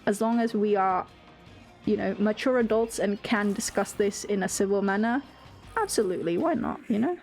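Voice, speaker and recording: A woman's voice: mid-range voice, normal speed, creaky, a little mellow, faint music behind. A young woman streaming a game, chatting casually with viewers, reading chat aloud and giggling often. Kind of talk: casual live-stream chat while gaming.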